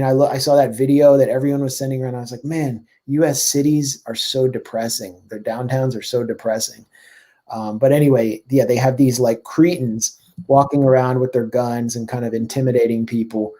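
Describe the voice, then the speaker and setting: A man, a journalist guest, talking fast and sardonically in casual political chat, with many "like"s and "I mean"s. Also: medium pitch, dark tone.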